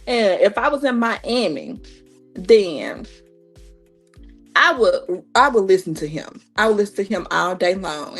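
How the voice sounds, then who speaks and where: Woman, 30s, casual recap host, animated, slangy, gravelly, faint background music. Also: on the low side. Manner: animated, quotes herself reacting, slangy.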